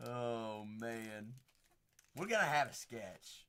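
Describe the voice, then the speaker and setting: Excitable animated man opening cards. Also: a little high, slow. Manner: excitable, exclaiming, chatty asides. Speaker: card break host. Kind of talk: live-stream card breaking.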